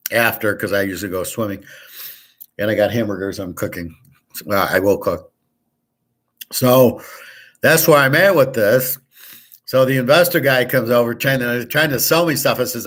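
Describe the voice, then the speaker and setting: A man's voice: mid-range voice, fairly bright tone. A man hosting his own show, telling stories in a blunt, boastful, profane casual monologue and acting out both sides of each exchange. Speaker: host of a sports picks show.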